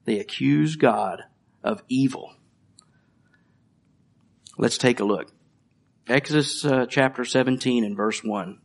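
A man's voice: mid-range voice, slow pace, vocal fry, long pauses. A middle-aged man preaching a conversational sermon, reading scripture and joking about his children. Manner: conversational, with light jokes and laughs. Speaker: pastor.

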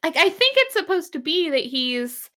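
A woman's voice: very high-pitched, very animated, normal speed, sharp tone. A woman co-hosting a casual podcast chat, recapping a TV episode with sarcasm and frequent laughter. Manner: sarcastic, laughing, acts out characters' lines. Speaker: podcast co-host.

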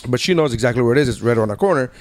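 A man in his thirties hosting a casual podcast. His voice sits at an ordinary middle pitch. He rambles through anecdotes and slips into quoted voices as he goes. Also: lively intonation, racing, a little hiss or hum. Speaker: podcast host. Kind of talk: casual chat.

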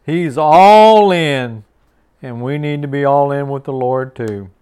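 A man's voice: mid-range voice, slow, darkish tone, clear, resonant tone. A man hosting a short devotional sermon in a folksy, repetitive way, chuckling often. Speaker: devotional host.

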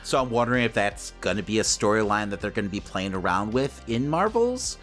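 A man's voice: lowish voice, lively intonation, fairly quick, fairly bright tone, soft background music. A man co-hosting a pop-culture podcast, talking casually and leaning heavily on "you know" and "like". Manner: chatty, lots of "you know" and "like" fillers. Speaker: podcast co-host.

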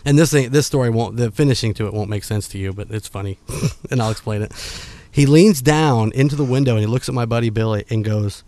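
A man's voice: medium pitch, quick pace, no room sound. A man hosting a podcast, telling a casual story with laughs and acted-out quotes. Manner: animated, laughing, acts out quotes.

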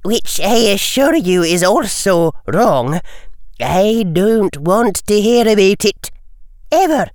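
Man doing a prim older woman professor, stern, slow and measured, lively pitch, dry sound. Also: no room sound, heavily acted. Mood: exasperated.

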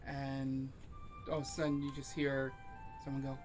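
Man, game master, tabletop game narration, halting with ums, mid pitch, music behind. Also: monotone, darkish tone. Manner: hesitant narration with many ums.

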